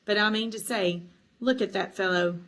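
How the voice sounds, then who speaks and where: A boisterous headless huntsman ghost who roars with hearty, mocking good cheer, voiced by a woman reading aloud. Everything he says is loud and jolly. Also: medium pitch, fairly even intonation, moderate pace, lightly acted. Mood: roaring.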